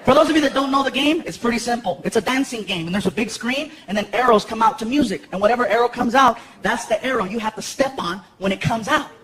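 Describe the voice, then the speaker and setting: Lively stand-up comedian, a high-pitched man, performing live to a big laughing crowd in a noisy venue. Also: fast talker, few pauses. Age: 30s. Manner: animated, lots of character voices and shouted punchlines. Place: large theater stage. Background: audience laughter and crowd noise.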